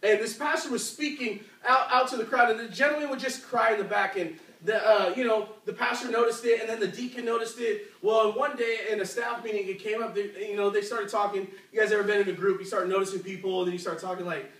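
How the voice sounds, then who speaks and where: A man delivers a youth sermon like a story told among friends, with lots of fillers and questions to the crowd. His voice sits high for a man. The sound comes from away from the mic and echoes around a big church room. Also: fairly even intonation, fast, few pauses, a bit bright, distant mic. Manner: conversational, asks the crowd questions, many fillers. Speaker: youth preacher.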